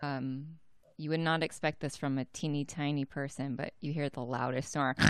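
A woman's voice: deep voice, clean tone, no echo, studio quality. A woman narrating her character's actions as a player in a tabletop game, chatty and full of fillers.

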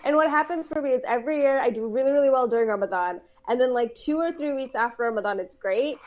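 A woman co-hosting a podcast chats casually, laughing easily and explaining things at length. Her voice sits high and she speaks quickly.

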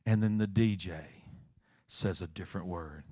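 A male pastor preaching a sermon, telling a story with dramatic swings from hushed to shouting. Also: deep voice, normal speed, dry recording, clean studio sound. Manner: animated storytelling, acting out scenes, swinging from quiet to shouting.

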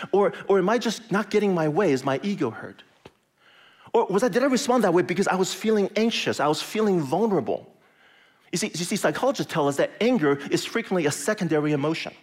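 A man preaching a sermon in a conversational, self-deprecating way, often repeating his words. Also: high-pitched. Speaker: pastor.

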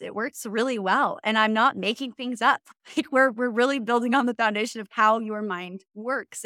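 A woman in her thirties, a mindset coach and guest, speaking with upbeat encouragement in a casual interview. Her voice sits a little high. The recording is close and dry. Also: pushed and bright, dry recording. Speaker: mindset coach and social media influencer; podcast guest.

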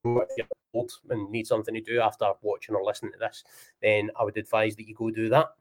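A man's voice: fairly low pitch, flat delivery, fast. A man with a Scottish accent, hosting a casual football podcast with banter. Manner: banterous, says aye and wee. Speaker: podcast host.

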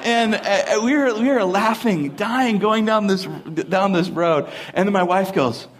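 A young adult man, a pastor, preaching a sermon at a church service, mixing lively family stories and laughter with earnest points. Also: high voice, a little slow, slight background noise. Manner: animated, laughing storyteller who then turns earnest. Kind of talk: sermon with humorous storytelling.

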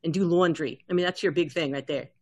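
A woman chatting casually and playfully, quick to agree and joke. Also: low voice, a little mellow. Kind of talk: casual chat.

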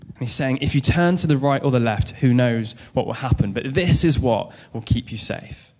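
A man preaching a sermon in a relaxed, conversational way, mixing Bible reading with personal stories. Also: medium pitch, moderate pace. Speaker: pastor.

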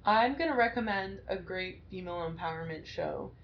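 A woman's voice: on the low side, lively intonation, moderate pace. A young woman co-hosting a podcast, chatting enthusiastically and swearing casually. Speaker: podcast co-host. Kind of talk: casual chat. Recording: dull lo-fi sound with faint noise.

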